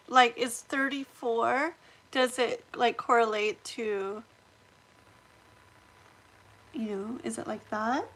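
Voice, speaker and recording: A woman's voice: on the high side, slow, rough recording. Stuffy-nosed woman chatting on a live stream. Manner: chatty and excitable, thanking viewers. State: stuffy nose. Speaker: livestream host. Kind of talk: casual live chat, reading viewer comments aloud.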